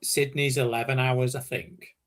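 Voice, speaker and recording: Male co-host, mid pitch, helpful fact-checker. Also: level tone, normal speed, a bit bright. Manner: helpful, chips in with facts. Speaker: podcast co-host. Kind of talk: casual chat.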